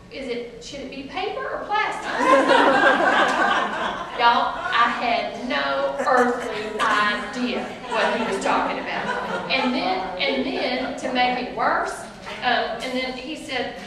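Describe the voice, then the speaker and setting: A woman's voice: high-pitched, slow pace. A woman in her forties with a Southern US accent, telling chatty, laughing stories to a live audience. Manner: chatty, animated, laughing, addresses crowd as y'all. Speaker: author speaking to an audience. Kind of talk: storytelling talk to a live audience. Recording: echoey room, distant mic, noisy.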